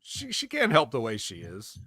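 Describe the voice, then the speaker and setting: A man's voice: medium pitch, huge pitch swings, normal speed, sharp tone, breathy edge. A man co-hosting a wrestling review stream, making easygoing, chatty remarks. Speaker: wrestling review show co-host. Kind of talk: casual chat.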